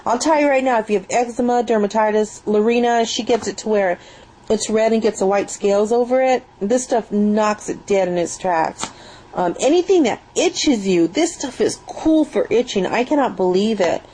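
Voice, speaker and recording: A woman's voice: a little high, normal speed, warm tone, slight background noise, rough recording. A young woman chatting enthusiastically at home in a rambling product review, recorded on a built-in webcam mic. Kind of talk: casual spoken product review.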